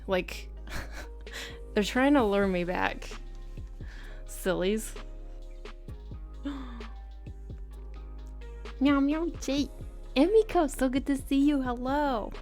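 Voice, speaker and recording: A woman's voice: medium pitch, animated, slow pace, pauses often, darkish tone. A woman art streamer chatting casually on a livestream, bubbly and giggly as she greets her viewers. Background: faint background music.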